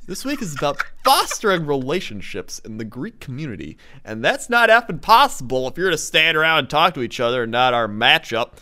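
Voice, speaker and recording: A man reads an angry email aloud in a high, very lively voice that swoops up and down. His delivery is exaggerated and theatrical. He softens the curses into "effing" and breaks into chuckles. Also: brisk, few pauses. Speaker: reader of a viral email. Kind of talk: dramatic comedic reading aloud.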